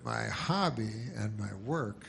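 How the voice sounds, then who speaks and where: A man performing a stand-up comedy set with a dry, deadpan, rambling delivery. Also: fairly low pitch, slow, vocal fry.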